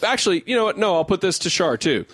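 A man's voice: high-pitched, sing-song, fast talker, fairly bright tone, husky, no echo, studio quality. A young adult man co-hosting a podcast, breaking down a song in casual chat and talking in loose restarts and hedges. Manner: rambling, full of restarts and hedges. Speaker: podcast co-host. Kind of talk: casual music-analysis chat.

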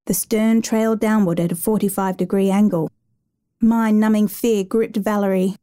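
A woman reading a dramatic true rescue story aloud in a measured, even narration. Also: mid-range voice.

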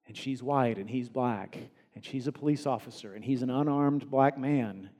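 A man preaching a sermon as pastor, earnest, climbing to emphatic peaks and dropping soft again. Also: medium pitch, normal speed, long reverb tail.

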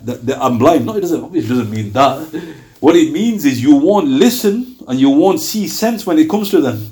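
A man preaching to a small gathering in a mosque, telling stories in a conversational, animated way. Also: medium pitch. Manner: conversational, animated storytelling with quoted voices.

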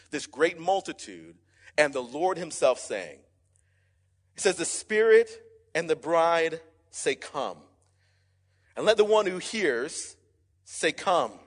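A young man preaching a sermon as pastor, emphatic and energetic, calling out to the congregation. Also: a little high. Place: church sanctuary. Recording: church hall with long reverb.

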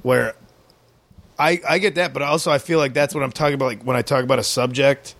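A man's voice: medium pitch, steady tone, fast, gravelly, fairly bright tone. A man, a stand-up comedian guest, chatting casually with wry riffing asides. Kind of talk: casual chat.

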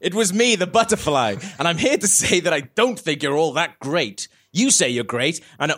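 A blunt, cheeky butterfly, read deadpan by a man. His voice sits fairly high and moves in a lively way. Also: normal speed.

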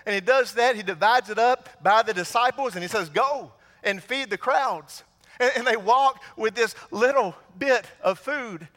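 A man's voice: high voice, normal speed, hardly any pauses, bright, forceful tone. A man preaching a sermon, retelling scripture as a story and asking the congregation questions. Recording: long hall reverb.

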